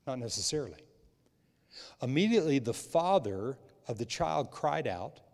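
A middle-aged male pastor preaching a sermon in a conversational way, swinging from loud emphatic bursts to quiet, low asides, with frequent restarts. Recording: long reverb of a large hall.

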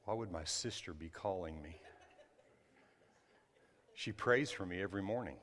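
A male pastor preaching a sermon during a church service. He talks conversationally, breaks into sudden loud bursts, and adds apologetic asides. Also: deep voice, normal speed, long reverb tail.

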